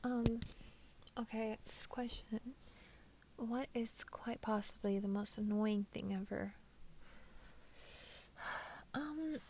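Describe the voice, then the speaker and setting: A woman's voice: on the high side, a little hiss or hum. Profane ranting New young woman. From New York. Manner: profane, ranting, gets loud when riled up. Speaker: vlogger. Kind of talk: casual Q&A chat.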